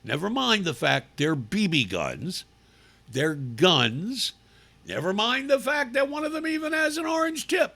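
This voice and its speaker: A man's voice: sits high, huge pitch swings, unhurried, creaky, bright, forceful tone. A man hosting a talk show, giving an opinionated monologue in a sarcastic, mocking manner. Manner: sarcastic, mocking, acts out people in put-on voices. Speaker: radio talk show host. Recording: live radio broadcast stream.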